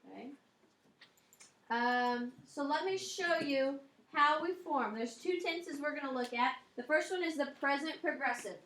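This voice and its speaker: A woman with a high, bright-pitched voice teaches a grammar lesson to her class. She explains each point step by step, dropping in "um" and asking "okay?" to check the students follow. The sound carries the echo of a classroom. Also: a little slow. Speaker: Spanish teacher.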